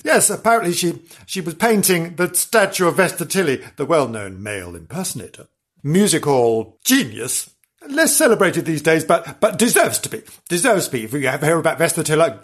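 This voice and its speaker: A man hosting a comedy podcast, telling a mock-spooky tale in a drawn-out, theatrical way with laughing asides. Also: fairly high pitch, fairly bright tone, slightly rough. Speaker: podcast host. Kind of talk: mock-spooky comic storytelling.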